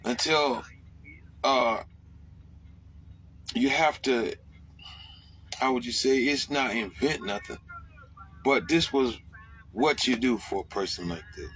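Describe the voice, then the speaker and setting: This truck driver's casual rant to camera is profane and animated, with abrupt yelled outbursts. He speaks slowly in a mid-range voice with long pauses, and there's slight background noise.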